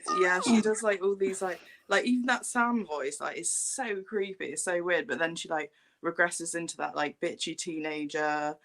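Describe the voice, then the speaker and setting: A man with a gravelly, slightly raised voice talks bluntly on a livestream panel. He says "like" every few words and keeps his opinions sharp and direct. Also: a little high, moderate pace, a crowd in the background. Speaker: livestream host. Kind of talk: casual panel chat.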